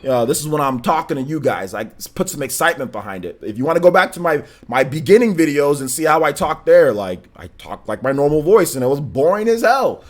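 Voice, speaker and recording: Energetic, emphatic young man streaming live. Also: a little high, fairly quick, hardly any pauses. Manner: energetic, emphatic, repeats himself.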